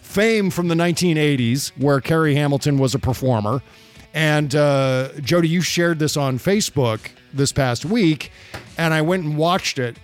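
A man co-hosting a political podcast in casual chat, talking loosely with profanity and quick laughs. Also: fairly high pitch, faint music behind. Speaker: podcast co-host.

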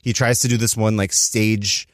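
A man's voice: fairly low pitch, little pitch movement, dry recording, clean studio sound. A man co-hosting a podcast, rambling and swearing casually as he explains a movie. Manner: quick rambling, swears freely. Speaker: podcast co-host. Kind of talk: casual chat.

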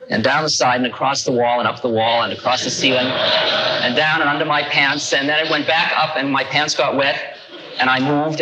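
Bright-voiced older man telling a story. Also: medium pitch, a little hiss or hum, rough recording. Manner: animated storyteller acting out quoted lines. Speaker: speaker recounting a personal story. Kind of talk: storytelling talk.

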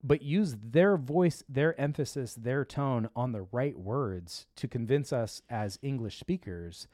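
A man's voice: mid-range voice, animated, unhurried, a little mellow, no echo, clean studio sound. A man hosting a tech show in casual chat, rambling along with lots of fillers and restarts.

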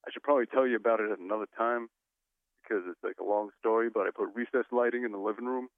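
A man's voice: on the low side, fairly even intonation, racing, no room sound. A man chatting easily as an interview guest, telling a rambling story over the phone. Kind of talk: casual phone chat. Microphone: phone call. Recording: tinny phone line.

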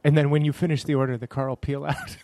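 A man co-hosting a comedy podcast, trading sarcastic, deadpan jokes. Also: a little high, fast, a little hiss or hum. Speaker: podcast co-host. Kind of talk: casual comedy chat.

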